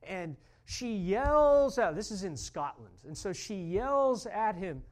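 A man's voice: high voice, very animated, unhurried, hardly any pauses. A pastor preaching a sermon, telling a story and then building to fervent, emphatic calls to his congregation.

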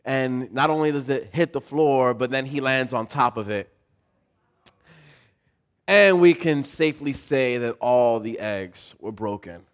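Man pastor, thirties, casual sermon, storytelling, mid-pitched voice, joking asides. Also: measured pace, clear, resonant tone. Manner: casual, storytelling, self-deprecating humor.

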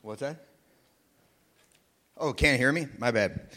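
A man's voice: medium pitch, animated, slow pace, bright, forceful tone, in a large hall. A man giving a casual Bible teaching, chatty and joking, often checking in with "okay?" and "right?".

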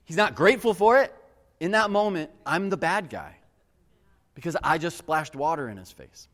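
A man preaching a sermon. He tells a personal story in an earnest, animated way and keeps addressing the crowd as guys. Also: fairly high pitch, normal speed. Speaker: pastor. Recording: long reverb of a large hall.

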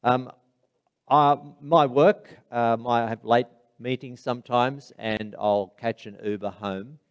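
A man preaching a sermon, with emphatic high bursts on key phrases and quiet, low asides while telling stories. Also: steady tone, slow, smooth, muffled recording. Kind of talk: sermon with storytelling.

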